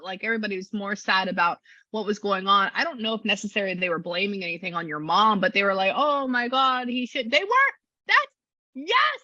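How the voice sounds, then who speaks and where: Bright, chatty woman medium. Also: medium pitch, no echo, highs cut off. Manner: chatty, animated, relays a spirit's words in quotes. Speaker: spiritual medium. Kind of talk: casual reading session with a client.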